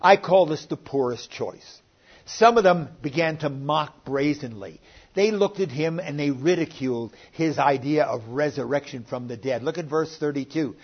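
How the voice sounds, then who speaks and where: An older man preaching a sermon online, earnest and plainspoken, with sudden swells in loudness. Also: fairly high pitch, moderate pace. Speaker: pastor. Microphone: online sermon recording. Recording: muffled lo-fi recording.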